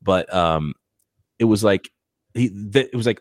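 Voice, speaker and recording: A man's voice: fairly low pitch, expressive, normal speed, long pauses, no echo, clean studio sound. Rambling man hosting a football podcast. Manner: rambling, speculative, many restarts. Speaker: podcast host. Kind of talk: casual sports talk.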